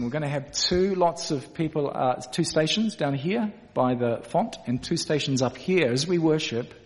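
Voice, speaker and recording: Earnest preacher in echoey church. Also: male voice, medium pitch. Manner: earnest, direct, addresses the congregation as guys. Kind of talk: sermon.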